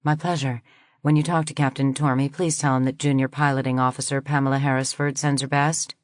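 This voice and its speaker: A woman's voice: a bass voice, flat delivery, brisk, dry recording, studio quality. A woman voicing a courteous young woman officer answering a call for an airline. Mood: polite.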